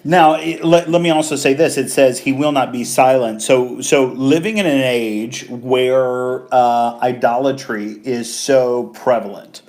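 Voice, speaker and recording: A man's voice: medium pitch, measured pace, hardly any pauses, darkish tone. A middle-aged man with an ordinary mid-range voice co-hosts a morning devotional. He talks earnestly and casually, often restarting his phrases. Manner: earnest, talks about faith with many small restarts. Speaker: devotional co-host.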